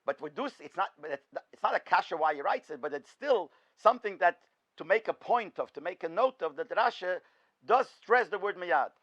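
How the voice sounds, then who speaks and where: High-voiced rabbi teaching, dull recording. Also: male voice, lively intonation, fairly quick, fairly bright tone. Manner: poses questions and answers them himself. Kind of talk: in-depth Torah lecture.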